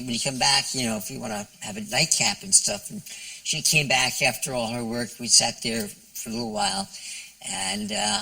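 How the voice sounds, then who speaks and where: An older man, a guest on a television chat show, telling a story in a halting way with many restarts. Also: on the high side, vocal fry, bright, forceful tone, distant mic, poor audio. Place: television studio with audience.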